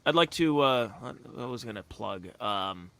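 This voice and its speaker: A man co-hosting a podcast in casual chat, hesitant and halting with many fillers. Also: mid-range voice, animated, vocal fry, fairly bright tone, dry recording. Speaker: podcast co-host.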